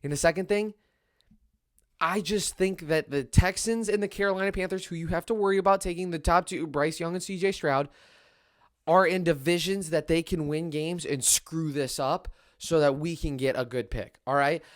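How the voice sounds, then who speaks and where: A young man hosting a solo sports podcast, excitable and trash-talking as he rants. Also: a little high, moderate pace.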